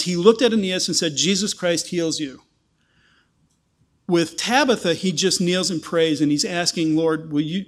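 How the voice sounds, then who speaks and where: A man preaching a sermon, explaining a passage and acting out the people in it with lively quoted voices. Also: a little high. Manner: animated, acts out quoted voices.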